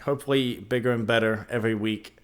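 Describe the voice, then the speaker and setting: A man's voice: medium pitch, fairly even intonation, quick pace, clear, resonant tone. A young man co-hosting a podcast in casual chat, playful and jokey with his co-host. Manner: playful, jokey, sings out goodbyes.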